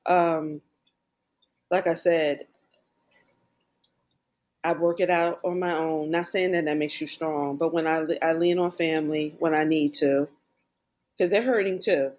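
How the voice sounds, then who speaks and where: This middle-aged woman, a guest on a podcast, has a darkish, steady voice pitched a bit low. Her talk is frank and sincere, often punctuated by quick quoted reenactments of past exchanges.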